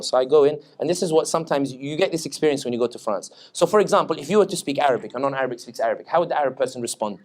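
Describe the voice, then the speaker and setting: Male guest speaker, British accent, joking and anecdotal, slightly high voice. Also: lively intonation, very fast, few pauses. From Tunisia. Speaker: political analyst, guest speaker. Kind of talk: humorous public talk. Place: Islamic center hall.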